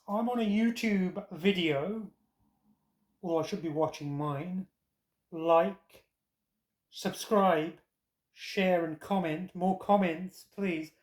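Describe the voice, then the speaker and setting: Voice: mid-range voice, darkish tone, echoey room. A tired vlogger giving rambling, sardonic commentary with self-mocking asides, short on sleep.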